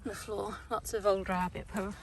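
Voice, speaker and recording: A dog breeder vlogger chats to camera while walking her dogs on a countryside walk, speaking at normal speed with little pitch movement over background noise. She coaxes her dogs in a high voice and gets out of breath on the hills.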